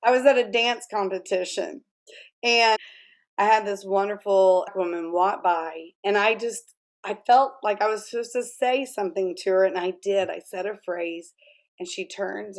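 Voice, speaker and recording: Lively laughing woman telling stories. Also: medium pitch, moderate pace. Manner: animated storyteller, laughs often, acts out quotes. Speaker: guest author. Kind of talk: conversational interview.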